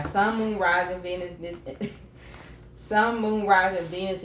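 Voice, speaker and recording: At home, a woman gives a casual tarot reading to camera, chatty and blunt and swearing freely. Her voice sits on the low side against a noisy background. The room echoes and the mic is placed far off.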